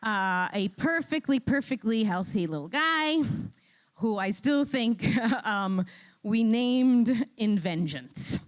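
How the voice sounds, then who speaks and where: A woman with a New York accent telling a comic story on stage, animated and exclaiming, often tagging lines with "right?". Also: fairly high pitch, slow. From Queens, New York. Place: event stage before an audience.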